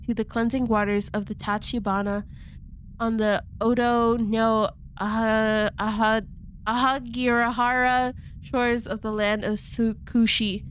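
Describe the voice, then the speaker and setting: A woman voicing a wife who chants a purification prayer over her dying husband, slow and solemn, tripping over the harder words. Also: fairly high pitch, little pitch movement, slight background noise, natural voice.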